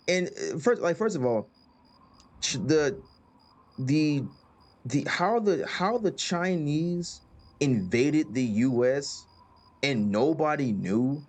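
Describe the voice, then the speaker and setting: A man's voice: a little high, animated, slow pace, darkish tone. A man hosting a casual gaming chat who rambles, repeats words and leans on fillers. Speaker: host.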